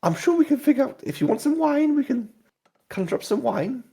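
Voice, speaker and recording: High chirpy barmaid serving drinks, a man putting on a woman's voice, sing-song and keen. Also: big pitch swings, brisk, creaky, mellow, slightly rough, heavily acted. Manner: chirpy, eager to please. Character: working-class female tavern keeper.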